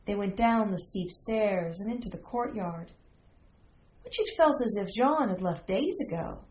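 A woman reading a fantasy romance aloud as a narrator, in a slow, measured way. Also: mid-range voice, expressive, a little mellow, slight background noise. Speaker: story narrator. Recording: roomy, slightly dull recording.

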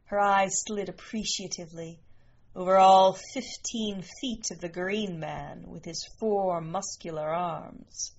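Woman narrator, unhurried storybook reading, slightly muffled lo-fi sound. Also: fairly low pitch. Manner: slow, measured reading. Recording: muffled lo-fi recording.

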